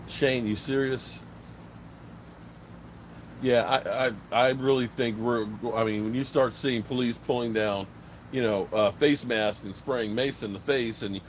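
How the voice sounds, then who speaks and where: A man's voice: mid-range voice, a little hiss or hum, rough recording. A man from Virginia hosting a casual live stream, talking bluntly and rambling, swearing freely. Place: outdoors by a smoker fire.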